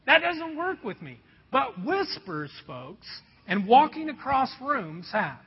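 High-voiced animated pastor in a hall. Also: male voice, takes it slowly, few pauses, breathy edge. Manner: animated storytelling, drops to a hush. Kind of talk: sermon. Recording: dull sound with long hall reverb.

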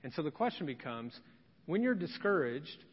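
A middle-aged man preaching a sermon as pastor, earnest and conversational, with dramatic pauses. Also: a little high, very animated, husky. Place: church sanctuary. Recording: dull, hall reverb.

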